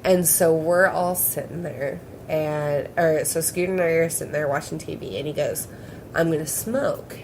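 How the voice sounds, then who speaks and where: A woman's voice: sits low, normal speed, noisy background. A young woman hosting a podcast, telling a rambling story in casual chat, swearing and giggling often. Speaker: podcast host.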